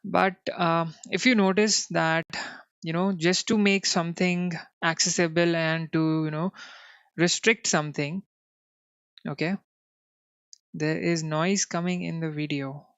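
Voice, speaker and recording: A man with an Indian English accent leads a live coding class in an unhurried, smooth voice, peppering his talk with "you know" and checking whether viewers can follow. The sound is dry and close, on a dull, lo-fi stream. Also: on the high side, fairly even intonation, fairly bright tone, no echo. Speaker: coding instructor.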